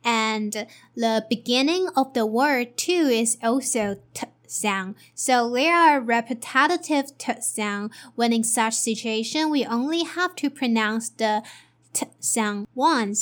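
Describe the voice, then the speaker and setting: Slow high-voiced woman teaching English. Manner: spells letters and repeats each word twice.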